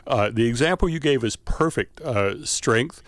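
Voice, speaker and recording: A man's voice: mid-range voice, animated, measured pace, no echo. Professor guy on the radio explaining stuff, uh-heavy, dry studio mic. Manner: explanatory, many uh fillers. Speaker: linguistics professor guest. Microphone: studio microphone.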